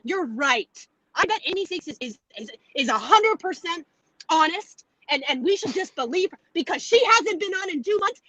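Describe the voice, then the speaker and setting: High bright-voiced woman, blunt and profane, jittery and ranting on a live chat. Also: no echo, poor audio. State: jittery from coffee. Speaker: call-in panelist. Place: on the move, heading home.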